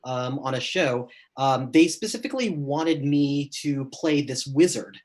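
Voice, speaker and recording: A man chatting casually as a roundtable guest, relaxed and full of "um.". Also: medium pitch, unhurried. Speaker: roundtable guest, role-player. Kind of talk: casual chat.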